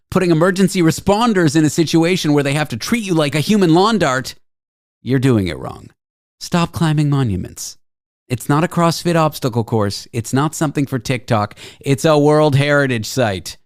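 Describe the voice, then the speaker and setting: A man's voice: mid-range voice, dry recording. A man hosting a radio talk show, delivering a sarcastic, jokey news monologue into a studio microphone.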